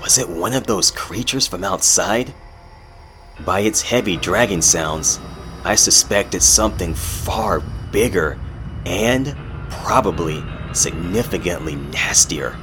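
Deep, slow-spoken horror narrator. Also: male voice. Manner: measured, dramatic storytelling. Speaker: narrator and host. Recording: music playing underneath.

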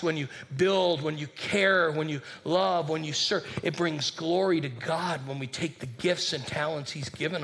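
A man who is a senior pastor, preaching a lively sermon and calling on his congregation to respond. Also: a little high. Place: church sanctuary with congregation.

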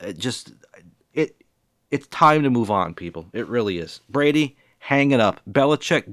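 A man's voice: mid-range voice, fairly bright tone, no echo, studio quality. Profane, heated man in his forties ranting. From New England, USA. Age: 40s. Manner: heated, profane, rambling and repetitive. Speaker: vlogger.

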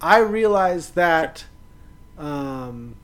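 Easygoing man with a lively, slightly high voice. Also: very slow. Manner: easygoing, reacting with short interjections. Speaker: podcast co-host. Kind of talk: casual movie-review chat.

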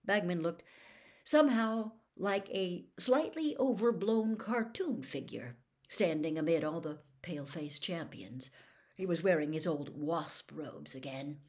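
A woman reading a novel aloud as a storyteller, with expressive, dramatic narration. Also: fairly low pitch, measured pace.

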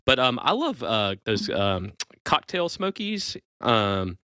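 A man's voice: medium pitch, slow pace, clean tone, no echo, studio quality. A man, a pastor co-hosting a podcast, chatting casually and joking with frequent laughter. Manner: jokey, laughs often, animated. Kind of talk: casual chat.

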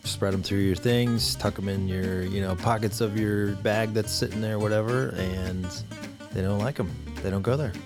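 Man, very deep voice, dry, matter-of-fact, guitar music behind. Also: steady tone, moderate pace. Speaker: guest. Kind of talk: casual podcast chat.

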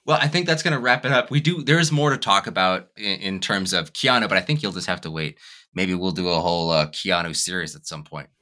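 A man hosting a casual movie discussion podcast, talking in a wry, sardonic way with quick asides. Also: sits low, pushed and bright. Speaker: podcast host.

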